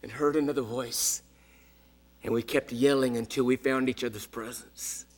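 A man in his sixties preaching a sermon as a story, dramatic, dropping to hushed whispers and rising to shouts. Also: mid-range voice, fairly even intonation, moderate pace. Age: 60s.

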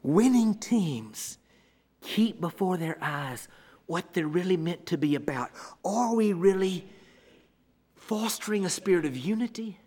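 Male pastor, higher register, delivers a sermon in measured repetitive cadence with sharp shifts from loud declarations to hushed asides. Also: lively intonation, slightly rough. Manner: dramatic swings from loud declarations to hushed near-whispers.

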